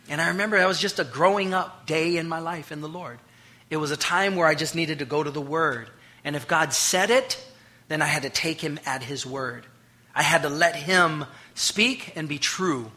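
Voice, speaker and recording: A male pastor preaching a sermon, swinging between loud declarations and hushed, intimate lines and acting out the voices in his stories. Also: a little high, normal speed. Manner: acts out quoted voices.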